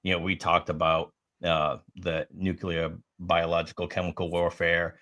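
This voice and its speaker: Deep-voiced, bright-toned male host. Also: flat delivery, normal speed. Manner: brief affirmations, easygoing questions. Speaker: podcast host, Marine Corps veteran. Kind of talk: casual interview chat.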